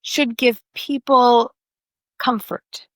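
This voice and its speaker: An older woman, an author, telling personal stories in a conversation with animated expression. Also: fairly high pitch, very slow, no room sound. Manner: animated, vividly acts out voices in her stories. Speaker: author and podcast guest.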